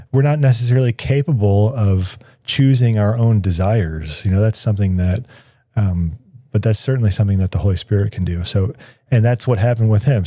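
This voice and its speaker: In a studio interview, a guest who is a writer recounts something personal, musing aloud and frequently starting his sentences over. His voice is fairly low and mellow, and the sound carries no echo.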